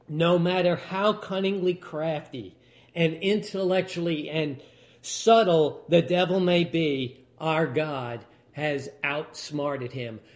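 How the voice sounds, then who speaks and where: A male preacher delivering a fervent sermon and closing prayer, exclaiming with wonder and slowing to a solemn close. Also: a little high.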